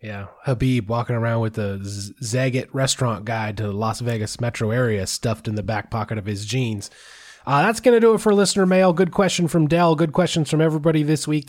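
A male podcast host reads the listener mail in a loose, joking way. His voice sits a bit higher than most men's, and he often starts a phrase over before finishing it. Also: a little mellow. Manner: chatty, joking, trails off in restarts. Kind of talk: casual sports podcast chat.

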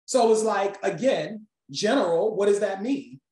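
A woman instructor teaching a live communication class, telling stories with lively acted-out quotes. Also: mid-range voice, moderate pace, echoey room, low-quality recording.

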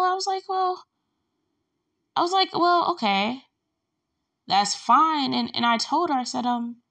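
A woman telling a long personal story in a casual, rambling way, acting out the back-and-forth with lots of filler words. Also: mid-range voice. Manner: rambling, animated, acts out quoted exchanges with filler words.

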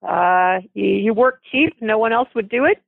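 A woman reads aloud as a sheepish male photographer who is bluntly honest. He hesitates and stammers as he speaks. The voice comes through a narrow phone line, dry and a little gravelly. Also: mid-range voice, normal speed, dry recording.

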